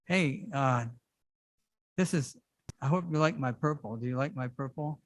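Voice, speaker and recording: A middle-aged man preaching a sermon in a conversational, animated way with casual asides. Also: medium pitch, normal speed, dry recording. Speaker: pastor. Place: church service.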